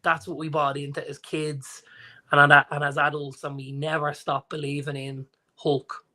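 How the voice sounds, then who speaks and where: A man in his forties with an Irish accent, co-hosting a podcast and telling stories in lively casual chat, acting out the people he quotes. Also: a little high, normal speed. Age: 40s. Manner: animated storyteller, acts out quotes. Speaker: podcast co-host.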